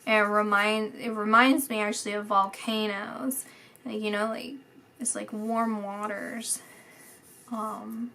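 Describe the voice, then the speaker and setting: A woman talks through a psychic reading at an unhurried pace. Her voice is bright and a little tense, and she hesitates often, trailing into soft near-whispers before picking back up. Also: mid-range voice, level tone, creaky, a little hiss or hum. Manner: hesitant, many fillers, drifts into soft whispers. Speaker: psychic reader. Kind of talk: casual spoken psychic reading.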